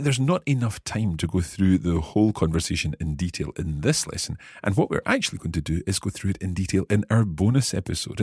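A man's voice: deep voice, darkish tone, breathy edge, no echo, studio quality. A man hosting a podcast language lesson, explaining phrases in an upbeat, explanatory way. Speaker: language teacher and podcast host.

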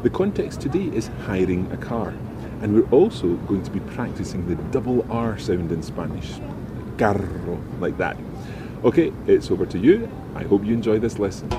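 Guy hosting a language podcast, scripted intro, lowish voice, clear and friendly. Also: big pitch swings, moderate pace, noisy background. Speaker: podcast host.

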